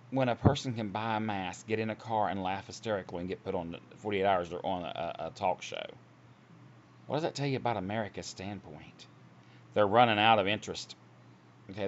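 Earnest low-voiced man preaching at home. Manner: earnest, rambling, many restarts. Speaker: online Christian video preacher. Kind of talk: casual preaching monologue. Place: at home, seated. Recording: dull lo-fi audio with faint hiss.

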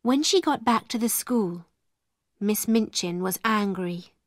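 Slow, clear woman storyteller. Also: mid-range voice, lively intonation, no echo, studio quality. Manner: clear and deliberate. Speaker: narrator. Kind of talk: slow storybook narration for English learners.

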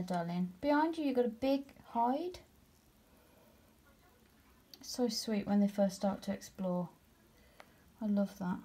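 A young British woman in a casual home vlog, showing off her new pet tarantula and often slipping into a high, slow baby voice to coo at it. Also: dark tone, husky. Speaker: vlogger showing her pets.

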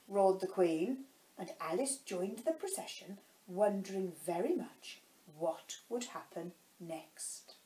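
Slow, lively teacher reading a storybook. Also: female voice, lowish voice. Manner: slow, explains words to children. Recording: echoey room.

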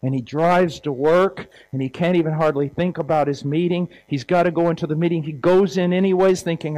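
A man's voice: a little high, steady tone, a little fast, few pauses, darkish tone, low-quality recording. A man preaching a sermon in a conversational, storytelling way, acting out little scenes.

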